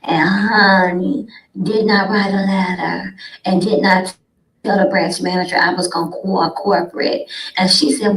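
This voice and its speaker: A woman's voice: mid-range voice, moderate pace, a bit bright. A woman podcast host telling a sassy, dramatic story, acting out both sides with big swings in her voice. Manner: sassy, dramatic, addresses listeners as honey and sweet babies. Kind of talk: animated storytelling. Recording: roomy echo.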